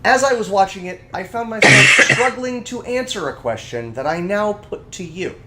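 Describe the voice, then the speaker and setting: Animated male podcast co-host. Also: sits high, moderate pace, very noisy. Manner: animated, ranting. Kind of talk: casual chat.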